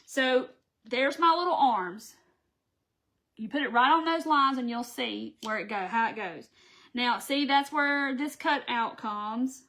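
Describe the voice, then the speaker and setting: Bright, chatty woman crafting live. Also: fairly high pitch, unhurried. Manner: chatty, folksy, talks to viewers as she works. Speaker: craft channel host.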